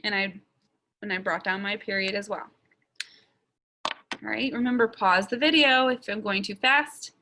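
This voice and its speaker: A woman from Ohio teaching a slow early-grade writing lesson, sounding out letters and words deliberately. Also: mid-range voice, steady tone, bright, forceful tone. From Ohio, USA.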